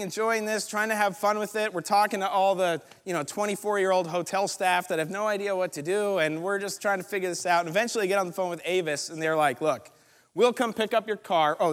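A man with a high voice preaches a storytelling sermon, acting out each person in the story with lively voices. His voice rings with the long reverb of a large hall. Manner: animated, acts out other people's lines. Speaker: pastor.

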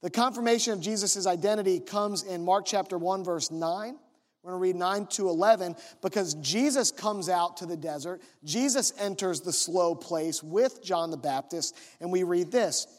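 Guy preaching, fairly high voice, slow careful teaching, leans on the key words. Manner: measured teaching, reads scripture slowly and stresses key words. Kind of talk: sermon.

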